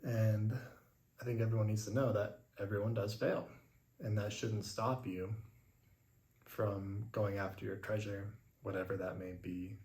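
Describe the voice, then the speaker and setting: Young man, podcast host, casual storytelling, lots of "like", lowish voice, echoey room. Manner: animated retelling, acts out his own past lines. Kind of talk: storytelling monologue. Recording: roomy echo.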